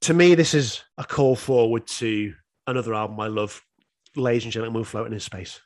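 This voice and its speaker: A man's voice: medium pitch, fairly quick. A man in his thirties co-hosting a podcast, chatting casually and swearing now and then, laughing often as he reviews an album. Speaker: podcast co-host.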